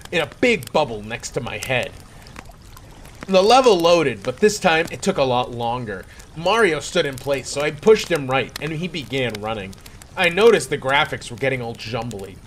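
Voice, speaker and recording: A man's voice: mid-range voice, fairly bright tone, a little hiss or hum. A man reading a horror story aloud in a playful, mock-dramatic way. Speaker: creepypasta reader.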